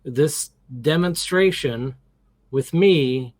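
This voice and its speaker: A middle-aged man, a guest in an interview, tells a story casually and animatedly, acting out the quotes and restarting his sentences often. His voice is fairly high and very slow, with no room sound.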